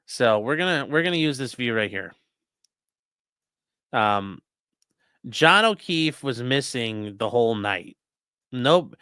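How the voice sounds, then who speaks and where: A man hosts a livestream, reacting to clips with animated, sarcastic commentary and reading chat aloud. His voice is bright and clear, lively and fairly high. The sound is dry, from a close mic. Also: slow pace, long pauses, no room sound. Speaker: host.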